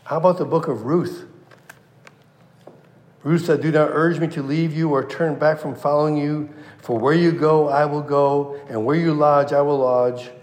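A man preaching a sermon, quoting scripture with passion and dropping to a hush at key lines. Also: on the high side, fairly even intonation, moderate pace. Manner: impassioned, swings from loud to hushed. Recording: echoey room.

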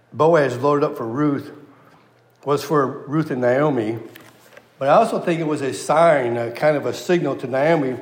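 Man preaching in an echoey hall. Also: mid-range voice. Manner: acts out biblical characters in lively paraphrase. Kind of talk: expository sermon. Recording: echoey hall with long reverb.

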